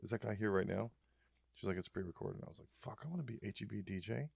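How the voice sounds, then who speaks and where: Fast, gravelly low-voiced man joking crudely. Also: no echo, studio quality. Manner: crude jokes, bursts into loud put-on voices. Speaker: podcast co-host. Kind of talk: crude comedic banter.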